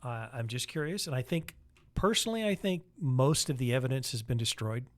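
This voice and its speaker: A man co-hosting a casual podcast, laying out his views in an earnest, opinionated way. His voice sits at an ordinary middle pitch. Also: lively intonation, fairly quick. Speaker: podcast co-host. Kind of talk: casual political chat.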